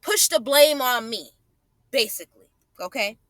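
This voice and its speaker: A woman narrates her own home videos in an indignant, profane rant, circling back to the same phrases to drive a point home. Her voice sits high and bright, recorded close and dry with no room sound. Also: animated, a little slow, dry recording. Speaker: vlogger. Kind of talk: angry commentary over clips.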